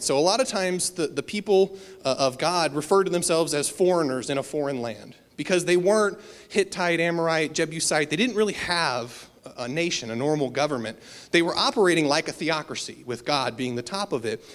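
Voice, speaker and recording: A man giving a casual, storytelling sermon, with fillers and self-deprecating asides. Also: fairly high pitch. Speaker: preacher. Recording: long hall reverb.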